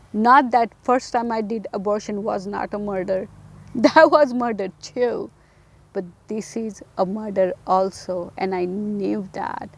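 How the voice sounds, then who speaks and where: A woman's voice: medium pitch, gravelly, darkish tone. A woman giving an emotional personal testimony, talking earnestly to the listener and repeating phrases for emphasis. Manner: direct address to the listener.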